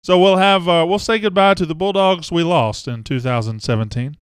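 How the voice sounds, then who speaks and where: Man, sports talk host, casual, slightly high, smooth, dry. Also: fairly quick, no echo. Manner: chatty, reads out viewer names and hometowns. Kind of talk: casual live-stream sports chat.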